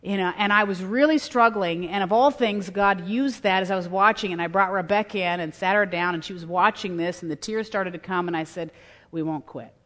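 A middle-aged woman giving a sermon to women, telling stories with earnest, lively emphasis and acting out quotes. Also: medium pitch, fairly quick, hardly any pauses. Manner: earnest storytelling, voices quotes. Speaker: women's conference speaker. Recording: long hall reverb.

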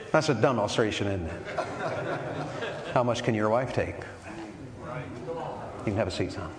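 A man preaching a sermon to a men's meeting, firing rhetorical questions and building to forceful emphasis. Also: lowish voice, moderate pace, long pauses. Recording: echoey hall with long reverb and faint noise.

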